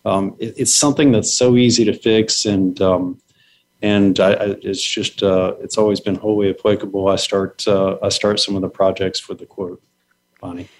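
A man's voice: deep voice, little pitch movement, normal speed, slight background noise. A man speaking as a guest on a podcast over a video call, laid-back and rambling with hesitations. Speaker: guest, cloud consultant. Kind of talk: casual interview talk.

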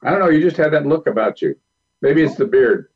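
A male film director speaking as a talk show guest, calm and measured as he recounts stories. His voice sits at a middle pitch. The sound is slightly dull and lo-fi. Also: breathy edge. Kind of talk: interview storytelling.

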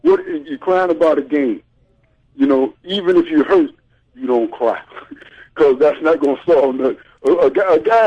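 Slightly high voiced guy, ex college player, keeps hammering the same point, muffled radio sound. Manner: emphatic, folksy, repeats his point. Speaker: guest, former college athlete. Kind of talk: casual radio sports chat.

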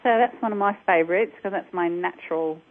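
A woman with a Cockney accent, an accent coach talking as a radio guest, animated and repeating herself. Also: lowish voice, a little fast. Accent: English, Cockney. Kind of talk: radio interview. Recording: tinny phone-like line.

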